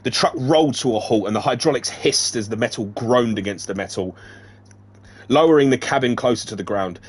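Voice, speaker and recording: A man's voice: medium pitch, brisk, husky. A man reading a novel aloud in a casual way, breaking off now and then to joke and laugh. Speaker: reader of a novelization. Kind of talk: casual read-aloud narration.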